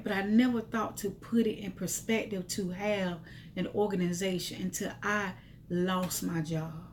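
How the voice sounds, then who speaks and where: A woman's voice: medium pitch, steady tone, measured pace, slight background noise. A middle-aged woman telling her life story to viewers in an emotional, testifying, repetitive way.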